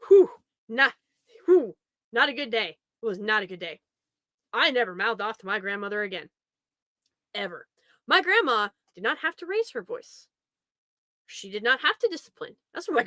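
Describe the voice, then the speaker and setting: A woman's voice: medium pitch, animated, normal speed, long pauses, bright, forceful tone, dry recording, clean studio sound. A young woman telling a family story in a casual, rambling way, often laughing as she talks. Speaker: podcast host.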